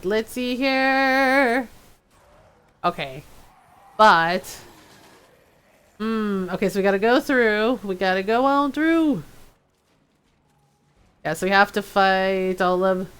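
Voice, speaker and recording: A woman streams a game and comments casually as she plays, laughing often and doing mocking character impressions. Her voice is fairly high with a clean tone.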